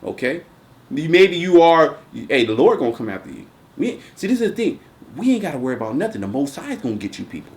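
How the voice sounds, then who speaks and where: A man hosts a loose, rambling religious commentary talk. He is emphatic and profane and restarts his sentences often. His voice sits somewhat high for a man. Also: big pitch swings, fast talker, a little mellow. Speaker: host. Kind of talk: casual religious commentary chat.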